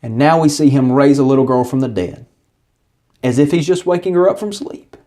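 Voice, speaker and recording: With a dark, mid-range voice and a fairly quick pace, a man presents a scripted Bible study, sincerely retelling a passage and giving short voices to the people in the story.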